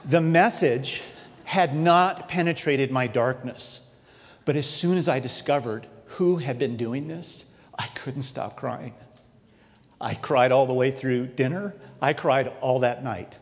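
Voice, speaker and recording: A man preaching a sermon, telling a personal story in an earnest, animated way. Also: medium pitch, a little slow, long reverb tail.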